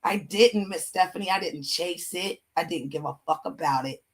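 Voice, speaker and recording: A woman's voice: fairly low pitch, moderate pace. A woman hosting a livestream, venting angrily about an ex in heated, profane casual chat. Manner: angry, profane venting rant. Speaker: livestream host.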